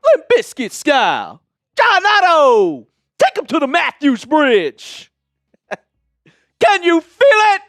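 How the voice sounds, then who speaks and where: A man's voice: very high voice, wildly swooping pitch, slow, long pauses, a bit bright, no echo, clean studio sound. A man hosting a casual livestream who jokes around and talks to viewers by name. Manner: jokey, chatty, addresses viewers by name. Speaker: host.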